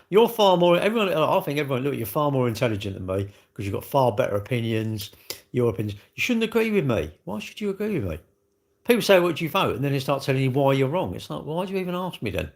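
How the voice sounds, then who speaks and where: A man's voice: on the high side, a little fast. Chatty British man rambling on a livestream. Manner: rambling, animated, chatty with slang. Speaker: livestreamer answering chat. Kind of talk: casual live-stream chat.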